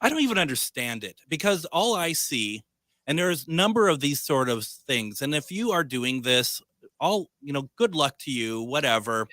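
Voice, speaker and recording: A man with a Midwestern American accent hosting a paranormal radio show, joking and teasing his guest, halting with many uhs. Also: on the high side, sing-song, pushed and bright, no echo. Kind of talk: casual radio chat.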